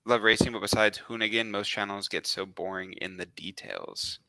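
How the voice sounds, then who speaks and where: A man's voice: fairly low pitch, normal speed, no echo. A man with a New York accent hosting a livestream, chatting casually and reading questions from chat. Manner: relaxed, reads chat questions. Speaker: stream host.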